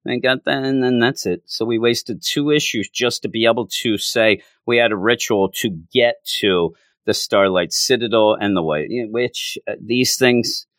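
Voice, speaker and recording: A man's voice: fairly bright tone, dry recording. Frustrated man ranting about a comic. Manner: exasperated, pitch jumping high in frustration; mocking mimicry of characters. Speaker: comic book reviewer. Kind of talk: casual spoken review.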